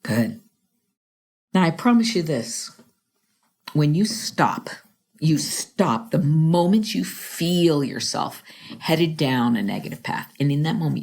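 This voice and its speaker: A middle-aged woman hosting a podcast, coaching listeners through a slow breathing exercise in a soothing voice that drops to whispers. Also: low voice, expressive, a little mellow.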